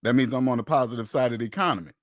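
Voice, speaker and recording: This personal finance host talks rapid-fire in a medium-pitched voice, recorded dry with clean studio sound. His opinionated monologue to camera is emphatic and preachy, full of repeated phrases and acted-out imaginary exchanges.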